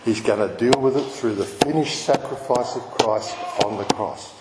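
A man's voice: mid-range voice, normal speed. A man, a pastor who preaches an impassioned sermon, repeating phrases for emphasis. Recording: echoey hall with background noise.

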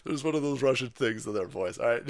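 Foul-mouthed, animated ranting man. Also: mid-range voice. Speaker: livestream host. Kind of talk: ranting livestream commentary.

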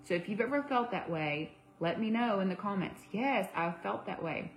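A woman's voice: mid-range voice, lively intonation, moderate pace, hardly any pauses, poor audio. A young woman giving a livestream devotional to women, conversational, with fillers and self-corrections. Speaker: women's ministry speaker.

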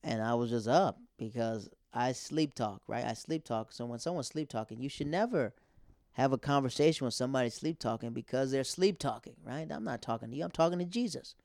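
A man's voice: medium pitch, a little fast, a little mellow, no room sound, studio quality. A young man hosting a podcast, a stand-up comic telling stories in a rambling, conversational way. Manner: rambling, conversational, filler-heavy. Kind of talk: casual monologue.

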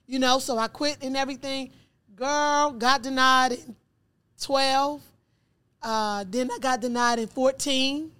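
A woman's voice: high-pitched, fairly even intonation, normal speed, a bit bright. A woman guest on a podcast, telling her life story in conversation and acting out dialogue from her memories. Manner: repeats words for emphasis.

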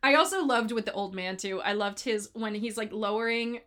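Give me a giggly woman with a bright, sharp voice, chatting casually on a podcast. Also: medium pitch, brisk. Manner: giggly, animated, often laughing. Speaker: podcast co-host. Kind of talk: casual chat reviewing favorite movie quotes.

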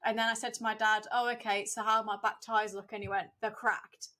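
A woman's voice: medium pitch, little pitch movement, quick pace, sharp tone. A young woman, chatting casually as a podcast co-host and acting out the people she quotes. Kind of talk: casual chat.

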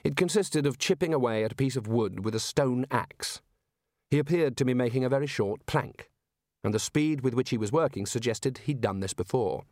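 A man's voice: mid-range voice, normal speed, darkish tone, no echo. Man narrating a storybook, dry close sound. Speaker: audiobook narrator. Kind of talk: scripted narration.

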